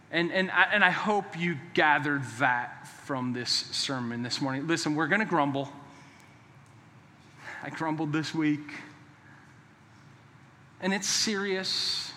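A man preaching from the pulpit in a high, bright voice that carries a long echo through the sanctuary. He drives his points home by repeating them with force, then loosens up with quick jokes before turning serious again. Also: slight background noise. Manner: emphatic and repetitive, with joking asides. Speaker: pastor. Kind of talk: sermon. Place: church sanctuary. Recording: long reverb of a large hall.

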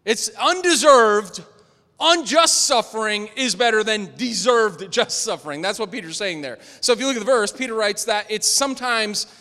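A man preaching a sermon to a room, rising to loud emphatic lines and dropping to low, quiet asides. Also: animated, moderate pace. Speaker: pastor. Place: large room with a congregation. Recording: echoey hall with long reverb.

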